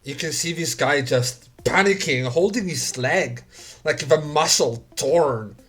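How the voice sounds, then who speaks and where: A man's voice: fairly high pitch, a bit bright. A man narrating grim scenes as game master in a tabletop game. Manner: slow, grim scene-setting.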